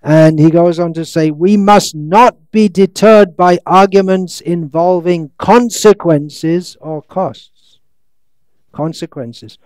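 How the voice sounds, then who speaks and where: A man lecturing on scripture with a high, smooth and clear voice. He talks slowly and stretches his words as he reads quotes, then slips into dry, sarcastic asides. The sound is close and dry, with no room echo. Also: darkish tone. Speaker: monk lecturer. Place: lecture hall in India.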